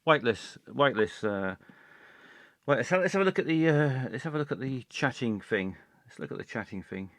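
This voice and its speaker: A man hosting a comic live stream, rambling along with halting speech full of fillers and restarts. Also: medium pitch, expressive, a bit bright, dry recording.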